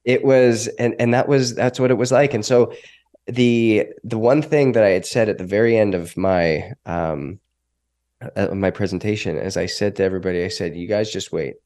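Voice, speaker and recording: A man's voice: fairly low pitch, normal speed. Emotional man telling a story. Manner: emotional, animated storytelling with acted quotes. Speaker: podcast guest. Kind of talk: storytelling in an interview.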